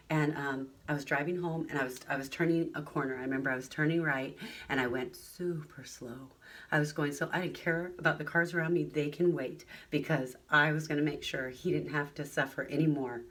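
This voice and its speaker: A woman's voice: sits low, distant mic. A middle-aged woman giving an earnest motivational talk at a retreat, telling personal stories and acting out the voices of others. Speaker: retreat speaker.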